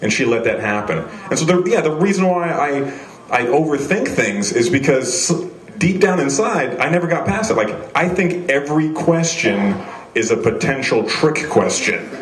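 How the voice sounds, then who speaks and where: A man's voice: fairly high pitch, lively intonation, moderate pace, echoey room. A young man doing a live stand-up set on a small club stage, rambling and self-deprecating, with many restarts. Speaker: stand-up comedian. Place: small comedy venue stage.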